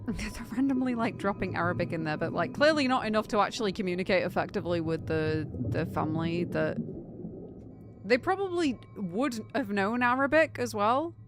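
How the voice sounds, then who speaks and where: A young British woman chatting casually on a game live stream, animated and incredulous, laughing often. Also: medium pitch, normal speed, over music.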